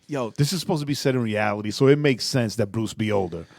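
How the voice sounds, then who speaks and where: A man co-hosting a podcast in casual chat, animated, laughing often and repeating himself. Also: on the low side, fast, creaky, no echo, studio quality. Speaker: podcast co-host.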